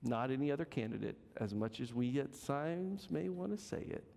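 A man preaching a sermon in a church, dramatic and emphatic, stretching out key words and swinging between loud and soft. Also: mid-range voice, lively intonation, normal speed, creaky, long reverb tail. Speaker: pastor. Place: church sanctuary.

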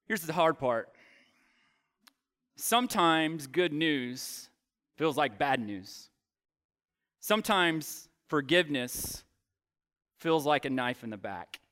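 A man preaching a sermon, retelling a Bible story with dramatic pauses and voiced lines for the characters. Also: fairly high pitch, lively intonation, sharp tone, smooth.

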